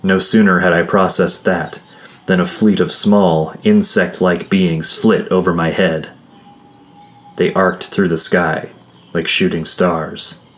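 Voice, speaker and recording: A man with a deep, low voice reads a first-person adventure story aloud. He keeps an unhurried, measured storytelling pace throughout. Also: level tone. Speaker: narrator.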